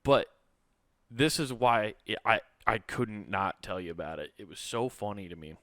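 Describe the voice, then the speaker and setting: A comedian co-hosting a podcast, telling a story with casual profanity and frequent laughter. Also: male voice, fairly low pitch, normal speed, a bit bright, no room sound, studio quality.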